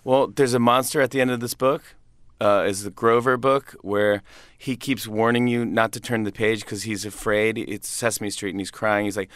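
A man's voice: mid-range voice, fairly even intonation, fairly quick, a bit bright, clear, resonant tone, no echo, studio quality. Cheerful rambling man in an interview. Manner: rambling, upbeat, many restarts and laughs. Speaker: comedian guest. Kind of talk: casual interview chat.

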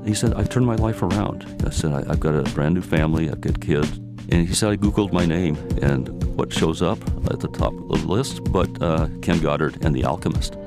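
Low-voiced man in his sixties, hesitant. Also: a little fast, music in the background. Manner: hesitant, repeats words and restarts. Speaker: interviewee telling his story. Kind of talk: personal storytelling.

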